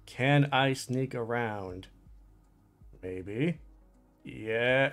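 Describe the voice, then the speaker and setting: A man with a fairly high voice talks through his gameplay in a loose, let's play way, often muttering to himself and breaking into exasperated outbursts. Soft game music plays faintly underneath. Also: expressive, measured pace. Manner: frustrated, exclamatory, talks to himself while playing. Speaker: gaming channel host.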